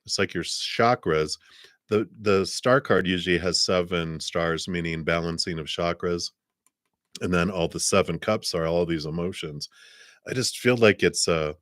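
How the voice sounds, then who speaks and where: Deep-voiced guy doing a tarot reading on a stream, soft and rambly, cough drop in his mouth, dry close sound. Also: a little slow, no echo. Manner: soft-spoken, meandering, many fillers and sighs. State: talking around a cough drop. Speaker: tarot reader.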